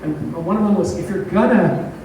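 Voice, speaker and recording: A man's voice: sits high, moderate pace, darkish tone, slight background noise. A stand-up comedian, a man, casually retelling a story from his own show, profane and self-mocking. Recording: echoey room, voice from a distance.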